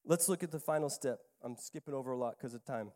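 A man in his thirties preaching a sermon as pastor, emphatic and repeating his key phrases, moving between quiet asides and louder stress. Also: mid-range voice, fast talker, long reverb tail. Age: 30s.

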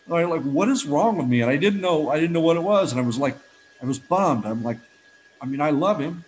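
A man's voice: on the high side, expressive, moderate pace, a little hiss or hum, poor audio. A man in his fifties giving a heartfelt personal testimony at a recovery meeting, telling stories earnestly with frequent restarts.

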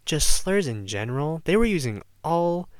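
A teenage high school boy rants through a storytime, filling his talk with "like" and breaking into loud mock shouts. His voice is smooth and clear, and his pitch swoops all over the place. The sound is dry and close, with no room echo. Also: normal speed. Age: teens. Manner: animated, lots of "like", mimics others with shouts. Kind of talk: storytime rant to camera.

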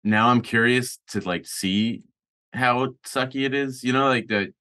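A man's voice: mid-range voice, a little slow, sharp tone, dry recording. A man chatting casually with friends, rambling with lots of fillers and restarts. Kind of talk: casual chat.

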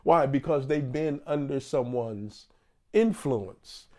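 Preaching man with a mellow voice. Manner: emphatic preaching with pitch swings and slow stressed phrases. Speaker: guest pastor. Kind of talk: sermon. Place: church.

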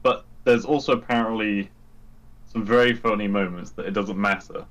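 A young man co-hosting a casual chat, relaxed and quick to laugh, with mild exclamations. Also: lowish voice, poor audio.

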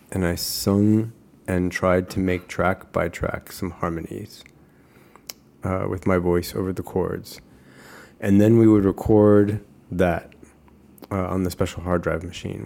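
A man's voice: deep voice, level tone, measured pace, vocal fry, mellow. A man co-hosting a podcast in casual chat, dry and a little pedantic, reading quotes aloud. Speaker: podcast co-host.

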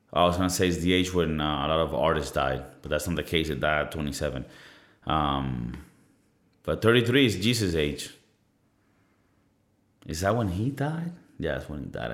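A man in his thirties talking in a casual solo podcast monologue, rambling and profane, often poking fun at himself. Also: deep voice. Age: 30s. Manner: rambling, profane, self-mocking. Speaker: podcast host. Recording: roomy echo.

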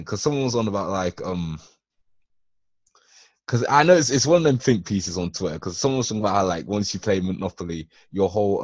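A young man, co-hosting a podcast in casual, animated, slangy chat. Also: deep voice, dry recording. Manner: animated, rambling, slangy, quick to laugh. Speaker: podcast co-host.

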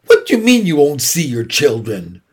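A man's voice: on the high side, huge pitch swings, moderate pace, breathy edge, heavily acted. A man voicing an eager, innocent young male pig who asks earnest, wide-eyed questions.

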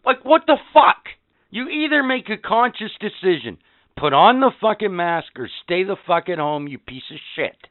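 This podcast host, a man in his fifties, unloads a profane monologue full of sarcasm and exasperation. He has a high voice, and the recording sounds thin and tinny without any echo.

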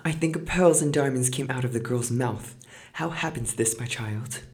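A man voicing a greedy, scolding mother of two girls, with a shrill, excitable voice. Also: normal speed, natural voice. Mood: excited, shrill.

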